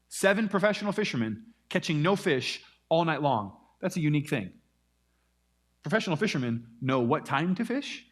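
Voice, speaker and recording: A man preaching a sermon, telling a Bible story with lively acted-out quotes. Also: fairly high pitch. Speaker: pastor.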